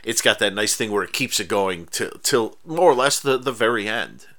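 A man co-hosting a podcast in easy, casual chat. His voice is low and bright, and he stumbles and restarts his sentences often. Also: lively intonation. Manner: halting, many restarts. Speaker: podcast co-host.

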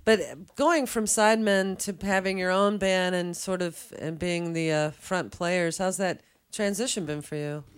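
A woman's voice: on the low side, fairly even intonation, measured pace, few pauses, clean tone. Woman radio host, chatty and friendly, studio mic, live interview. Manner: friendly, chatty, asks loose questions with fillers. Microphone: studio microphone.

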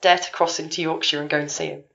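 A woman's voice: sits low, flat delivery, quick pace, vocal fry, a bit bright. A woman in her forties with an outer London English accent, hosting a casual podcast chat in a chatty, teasing, enthusiastic way. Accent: southern English, outer London. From England. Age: 40s. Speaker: podcast host. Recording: dull lo-fi sound.

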